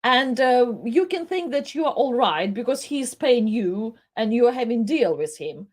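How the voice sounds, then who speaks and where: Woman, tearful, impassioned, pleading, halting restarts, live commentary. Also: a little high, animated, darkish tone.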